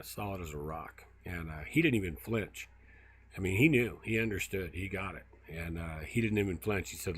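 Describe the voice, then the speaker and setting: A man's voice: sits low, a little hiss or hum. A man hosting a casual outdoor livestream, telling stories in a rambling way with lots of fillers while he walks through brushy woods by a river. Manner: rambling storyteller, many fillers. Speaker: field researcher and livestream host. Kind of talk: casual walk-and-talk livestream.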